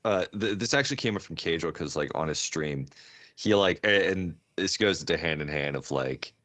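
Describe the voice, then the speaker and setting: A man co-hosting an esports podcast, talking in a rambling, animated way with sudden jumps in pitch. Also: normal speed. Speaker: podcast co-host. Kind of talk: casual esports chat.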